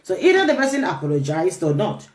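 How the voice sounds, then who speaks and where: A woman's voice: lowish voice, huge pitch swings, fast. A woman hosting a relationship talk, speaking earnestly and emphatically, often repeating her key phrases. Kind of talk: earnest motivational talk to camera. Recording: roomy echo.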